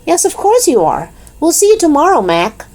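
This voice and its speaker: A woman's voice: sits high, wildly swooping pitch, normal speed, a little mellow, voice pushed up. A woman voicing a cheerful, scheming schoolgirl in a read-aloud storybook. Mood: bright. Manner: cheerful and persuasive.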